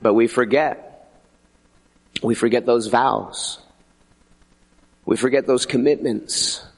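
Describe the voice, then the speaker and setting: A middle-aged man preaching a sermon as pastor, animated and conversational, slipping into acted asides. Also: medium pitch, slow, gravelly.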